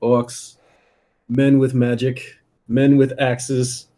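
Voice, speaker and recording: A man playing a tabletop game, speaking his character's lines in a formal, measured way. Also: medium pitch, little pitch movement, dark tone. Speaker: player. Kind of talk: in-character tabletop role-play.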